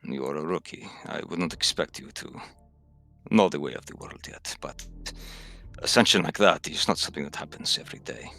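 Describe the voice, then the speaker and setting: A stern, measured soldier in his twenties lectures a rookie, voiced by a man. His low voice is gravelly and forceful, for a tabletop game. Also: soft background music, heavily acted.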